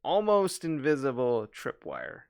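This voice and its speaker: A man running a tabletop game as game master, describing scenes slowly with fillers. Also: mid-range voice, wildly swooping pitch, vocal fry, clean tone. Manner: slow, descriptive narration with fillers and laughs.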